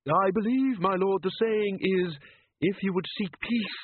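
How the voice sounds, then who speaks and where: Man putting on a timid high-voiced old inventor. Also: unhurried, slightly rough, no echo. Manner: timid, hesitant, scholarly. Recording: dry, tinny phone-like sound.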